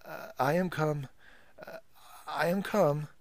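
A man's voice: fairly high pitch, lively intonation, normal speed, no echo, voice pushed up, close to an everyday voice. A man voicing a timid young farmer in a storybook reading, faltering and nervous.

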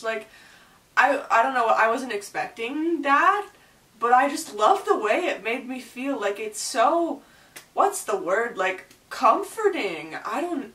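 A young woman reacting to a music video as a gushing, excitable fan in a casual vlog. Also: sits high, reverberant, far from the mic, rough recording.

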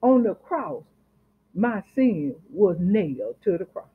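A woman minister preaching a sermon with fervent, emphatic delivery that rises and drops softly. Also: mid-range voice, sing-song, takes it slowly, breathy edge. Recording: tinny phone-line sound.

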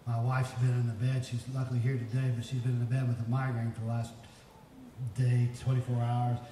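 This sermon comes from a pastor in his fifties whose medium-pitched voice is monotone, mellow, and a little fast. He still shares folksy stories and builds to emphatic peaks, recorded from afar in an echoey hall with faint background noise.

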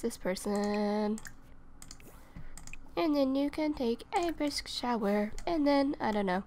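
A woman's voice: a little high, expressive, takes it slowly, long pauses, slight background noise. A young woman playing a life-simulation game, chatting to her characters with a stuffy, sniffly nose while recording at her computer. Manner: chatty, talks to her game characters, swings into loud exasperation. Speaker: gaming channel host. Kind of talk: casual let's-play commentary. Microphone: desktop USB microphone.

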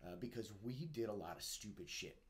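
A low-pitched man in his forties speaks as a podcast guest. He recalls things in an unhurried, reflective way, and his sentences are full of fillers and restarts. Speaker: guest author, retired Marine. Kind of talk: casual interview chat.

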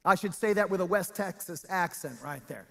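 A male pastor preaching a sermon, reading scripture aloud with drawn-out, half-sung emphasis and stirring the congregation. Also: sits high, animated, creaky, long reverb tail.

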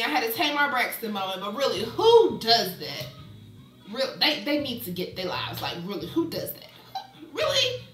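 A young American woman with an African American accent, chatting casually at home in a beauty vlog and turning sassy and animated when she rants. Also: on the high side, far from the mic. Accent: African American English. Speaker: beauty vlogger. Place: at home indoors. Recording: echoey room, voice off-mic.

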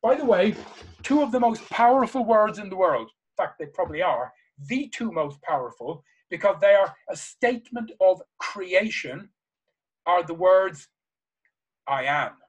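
A man with a high-pitched, slightly rough voice gives an animated motivational seminar at a moderate pace, passionately repeating key phrases to a live audience. The recording quality is rough.

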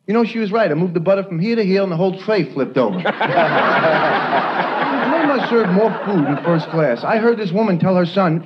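A young man from New York works through a stand-up set, quick with punchlines and fond of silly put-on voices. His voice sits high for a man. The 1980s TV audio is dull and lo-fi, with a loud steady hiss. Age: young adult. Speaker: stand-up comedian. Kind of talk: stand-up routine. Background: studio audience laughter.

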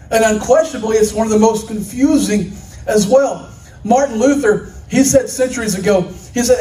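A pastor from Oklahoma preaching a sermon in a church, moving from folksy farm stories to impassioned preaching. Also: male voice, sits high, a little mellow. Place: church sanctuary. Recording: echoey room, mic at a distance.

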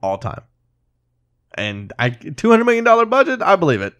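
A man's voice: high-pitched, huge pitch swings, normal speed, a bit bright, dry recording, lo-fi sound. A man co-hosting a podcast, chatting casually and reading out film trivia notes with frequent laughs. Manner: laughs often, reads trivia notes aloud. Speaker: podcast co-host. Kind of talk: casual chat.

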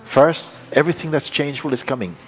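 A man giving a spiritual satsang talk, speaking slowly and reflectively with plain words and halting pauses. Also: on the high side, big-room sound, over music. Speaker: spiritual teacher.

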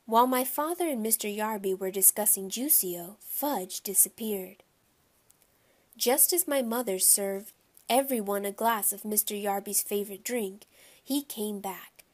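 A woman narrating a children's audiobook in a lively, expressive way. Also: medium pitch, measured pace.

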